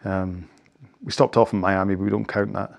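Low, creaky, and steady, the instructor's voice moves at a moderate pace. It's a casual cool-down chat after a rowing workout, where he gives stretching cues in a rambling, self-deprecating way, apologizing frequently.

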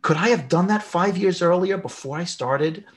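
A male podcast host who tells personal anecdotes with animated energy, his voice jumping up whenever he acts out his own thoughts. Between the stories he puts questions to his guest in a relaxed, conversational way. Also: normal speed. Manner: animated storyteller, pitch jumps when acting out his own thoughts. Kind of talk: conversational interview, personal storytelling.

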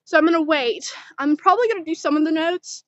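A teenage girl vlogging outdoors at home, chatting in a rambling, giggly, excitable way into a handheld phone. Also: high voice, fast. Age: teens. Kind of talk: casual chatty vlog. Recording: dull, muffled phone audio.

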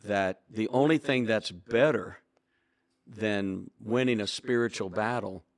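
A man's voice: lowish voice, a little slow, no room sound, studio quality. A man in his sixties, a longtime pastor and author, telling stories in an interview in an earnest, preacherly way and acting out the dialogue he quotes. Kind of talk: reflective storytelling interview.

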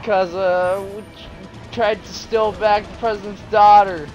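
Excitable male let's player, high voice, sleepy, faint music behind. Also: a little slow. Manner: excitable, prone to sudden exclamations. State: sleep-deprived. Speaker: gameplay commentator. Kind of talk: let's play commentary.

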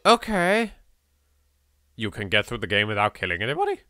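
A British man giving chatty, excitable commentary while playing a video game. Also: on the low side, no echo, clean studio sound, faint music behind. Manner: excitable, chatty, quick to exclaim. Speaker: let's play host. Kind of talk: casual gameplay commentary.

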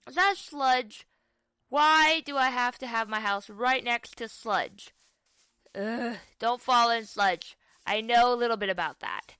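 A young woman talks through her survival game in a slow, unhurried way, chatty and quick to laugh at herself. Her voice sits a little high and sounds bright and forward. She keeps up a loose running commentary as she plays. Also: smooth, no room sound. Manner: chatty, self-mocking, exclaims at the game. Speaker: gaming YouTuber. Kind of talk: casual gameplay commentary.

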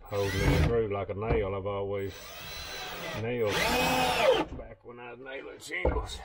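A man's voice: lowish voice, huge pitch swings, unhurried, vocal fry, heavy background noise. A man with a Southern US accent talking casually to viewers while building something, folksy and chatty, a bit out of breath. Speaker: vlogger. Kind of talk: casual DIY vlog talk.

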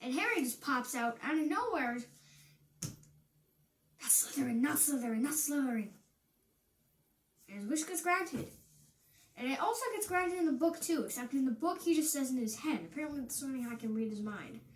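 A teenage girl with an American accent gives a casual movie review, rambling and excitable, often cutting herself off mid-thought. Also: sits high, fairly quick, roomy sound, slight background noise. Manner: rambling and excitable, self-interrupting.

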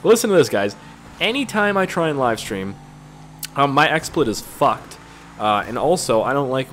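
Medium in pitch, with big swings, a moderate pace, and a bit of brightness, the young man's voice comes with slight background noise. A gaming YouTuber, he rambles profanely through casual gameplay commentary, switching between stories and the action.

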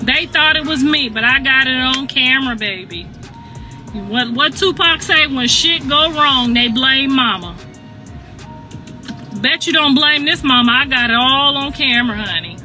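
A high-voiced, very bright middle-aged woman rants on a phone livestream. She is emphatic and sassy and keeps repeating herself. Faint music plays underneath. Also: normal speed.

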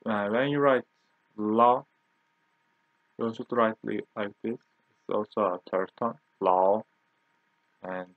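Guy in his 20s teaching, says words over and over real slow, sounds kinda phone-like. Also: fairly low pitch, no echo. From Turkey. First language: Turkish. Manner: repeats each word slowly for drilling. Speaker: language teacher. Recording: dry, tinny phone-like recording.

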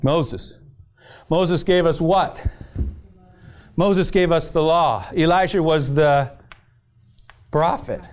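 A man's voice: fairly high pitch, slow, pauses often. A male pastor preaching a sermon to a church congregation, calling out for "amen" and retelling scripture as a story with frequent restarts. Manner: call-and-response preaching, keeps asking the congregation "amen?". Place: church service.

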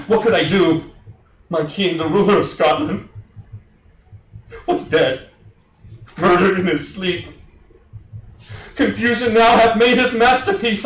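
A man's voice: a little high, natural voice. A man playing Macduff, a grief-crazed immortal Scottish warrior, in a melodramatic stage monologue, recorded on a theater stage. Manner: melodramatic, swings into shouted outbursts. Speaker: actor in a staged reading. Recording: roomy, distant mic.

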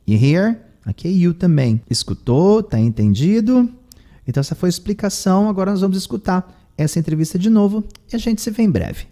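Mellow Brazilian man translating a lesson. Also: high-pitched, animated, fast talker. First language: Brazilian Portuguese. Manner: translates line by line, tags phrases with "tá?". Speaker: English teacher and host. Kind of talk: bilingual lesson, translating into Portuguese.

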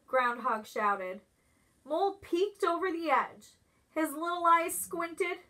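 A preschool teacher reads a picture book aloud in a high, bright voice. She goes slowly and expressively, stopping to ask the children questions. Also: lively intonation. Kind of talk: storybook read-aloud for preschoolers.

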